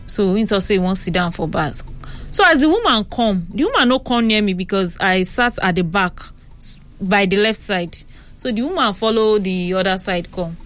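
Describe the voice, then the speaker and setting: A young Nigerian woman hosting a radio talk show, chatting and telling stories in an animated way on a studio mic. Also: medium pitch, moderate pace. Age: young adult. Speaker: radio host. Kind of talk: casual radio talk and storytelling. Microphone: studio microphone.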